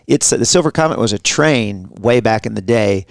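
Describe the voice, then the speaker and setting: A man in his thirties co-hosting a casual podcast, his voice gravelly with a bit of fry. He tells stories in an animated way and pokes fun at himself. The sound is dry and close. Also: fairly low pitch, normal speed, dry recording. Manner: animated storyteller, self-mocking. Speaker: pastor and podcast co-host. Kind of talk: casual storytelling chat.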